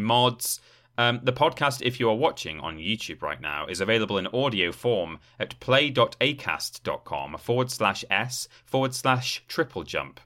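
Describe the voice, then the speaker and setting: A man co-hosting a podcast, briskly listing web addresses and thanking helpers in an easygoing way. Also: lowish voice, sharp tone. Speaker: podcast co-host. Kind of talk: casual podcast outro.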